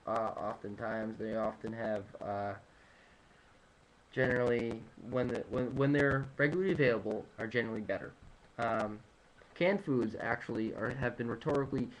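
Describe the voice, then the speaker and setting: A man's voice: medium pitch, poor audio. Rambling man talking nutrition stats. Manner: rambling, many fillers and restarts, self-deprecating asides. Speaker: nutrition presenter. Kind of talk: casual informal lecture. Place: home room at sunrise.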